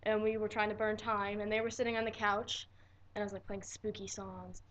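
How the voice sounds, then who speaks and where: A teenage girl telling a story in a casual vlog, animated and dramatic and swearing freely. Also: medium pitch, a little fast, a little hiss or hum. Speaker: vlogger.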